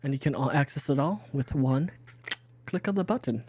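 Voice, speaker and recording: A man's voice: mid-range voice, moderate pace, darkish tone, slightly rough. A man hosting as game master, reading sponsors in a rambling, casual way, with hiccups and many restarts. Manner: rambling, restarts, laughs easily. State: has the hiccups.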